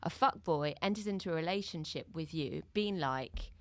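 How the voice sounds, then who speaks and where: A woman guest comedian in casual podcast chat, animated and acting out quotes as she talks. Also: low-pitched, moderate pace, no echo. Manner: animated, acts out quotes, jumps in to hold the floor.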